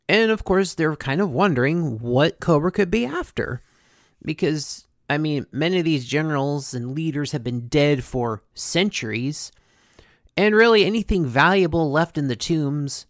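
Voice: medium pitch, dry recording, studio quality. A host casually recapping a cartoon episode, chatty, with many fillers and asides.

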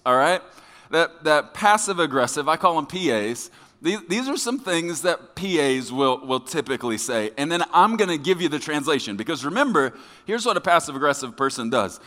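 A man preaching a sermon as pastor to his congregation, joking with them in a lively, conversational way. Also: a little high. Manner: lively, joking with the congregation, acting out quoted voices. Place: church sanctuary. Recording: long hall reverb.

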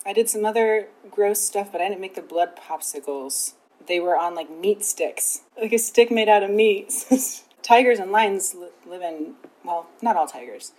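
A woman's voice: mid-range voice, normal speed, hardly any pauses, a little mellow, low-quality recording. A woman, a former zookeeper, guesting on a casual podcast, giggly and rambling.

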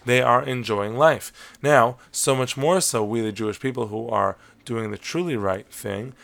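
A man giving a measured, explanatory Torah lesson, weaving Hebrew terms into his teaching. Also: medium pitch, creaky, a bit bright. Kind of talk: lecture-style lesson on Talmud stories.

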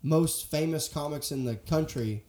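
A man's voice: a little high, measured pace, warm tone. A man hosting a podcast, chatting casually and eagerly agreeing with his guests. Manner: enthusiastic, frequent agreeing backchannels. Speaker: podcast host.

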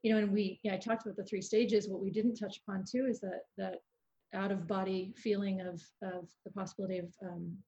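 A woman guest who works in prenatal fitness, explaining her views thoughtfully, with pauses and fillers. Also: medium pitch, little pitch movement, dark tone, highs cut off. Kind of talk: casual conversation.

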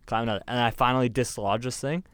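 A young man with a Canadian accent, co-hosting a podcast and telling stories with lively, sweary energy. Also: mid-range voice, fast, smooth, no room sound. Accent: Canadian English. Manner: animated, swearing storyteller. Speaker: podcast co-host. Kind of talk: casual chat.

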